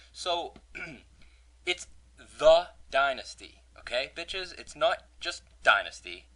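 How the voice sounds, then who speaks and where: A man's voice: mid-range voice, pushed and bright. A man hosting a casual podcast, joking and venting about a minor pet peeve. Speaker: podcast host.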